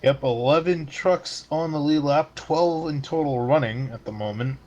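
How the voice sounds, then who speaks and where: A man giving color commentary on an online truck race, measured and matter-of-fact with dry remarks. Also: a little high, darkish tone, dull audio. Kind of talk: sim racing color commentary.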